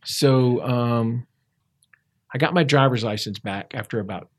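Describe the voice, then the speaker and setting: Man sharing a reflective recovery story. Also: medium pitch. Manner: conversational, halting, with frequent restarts and fillers. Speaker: interview guest.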